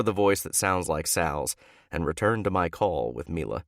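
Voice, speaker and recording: A man narrating a romance audiobook in first person with an expressive, dramatic delivery. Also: low-pitched, moderate pace, no echo, clean studio sound.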